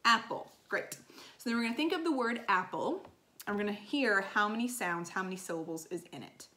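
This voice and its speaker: A woman's voice: medium pitch, expressive, brisk, pushed and bright. A woman music teacher giving a recorded lesson to children, explaining in an upbeat teacherly way with frequent ums and okays.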